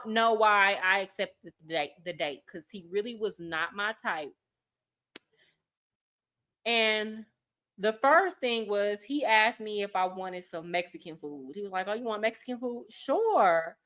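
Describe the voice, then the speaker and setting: Bright, chatty woman. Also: medium pitch, animated, unhurried. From Texas. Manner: chatty, blunt, reacts with asides to viewers. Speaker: host. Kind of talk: casual commentary on a played clip.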